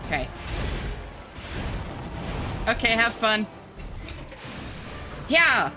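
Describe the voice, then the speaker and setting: A woman's voice: low voice, normal speed, music in the background. A woman streaming a game live, chatting and laughing as she thanks and answers chat.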